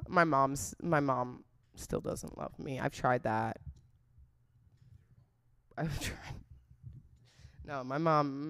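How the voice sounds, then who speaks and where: A young woman hosts a podcast in loose, crude chat, rambling from one thing to the next. Her voice sits a little low and comes across smooth and clear. When she quotes people she slides into mocking put-on voices. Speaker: podcast host. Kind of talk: casual chat.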